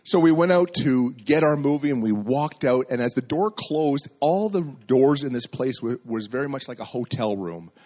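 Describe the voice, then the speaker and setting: A man's voice: medium pitch, a little mellow. A middle-aged man preaching a sermon as a pastor, telling a personal story and acting out the dialogue in it.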